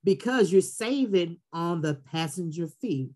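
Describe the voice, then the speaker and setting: A woman's voice: fairly low pitch, measured pace. A woman, telling stories as a podcast guest and acting out the people she quotes. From Texas Gulf Coast. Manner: animated storyteller who acts out quotes. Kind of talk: casual podcast interview.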